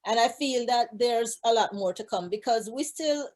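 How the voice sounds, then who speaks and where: A woman's voice: a little high, moderate pace, darkish tone. A woman recording artist chatting casually as an interview guest, talking freely with many fillers. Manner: chatty, frequent fillers and restarts. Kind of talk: casual conversation.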